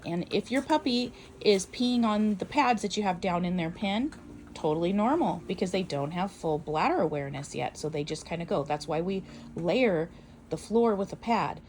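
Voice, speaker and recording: A woman trainer giving casual, calm and encouraging instruction on raising puppies. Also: fairly low pitch, moderate pace, poor audio. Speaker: puppy trainer. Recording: steady background noise.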